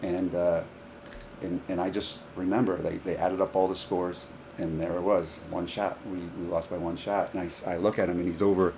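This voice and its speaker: A man, a high school golf coach, telling stories in a casual podcast chat and acting out the dialogue in them, with faint noise behind. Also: normal speed. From Rhode Island, US. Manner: animated, acts out dialogue in stories.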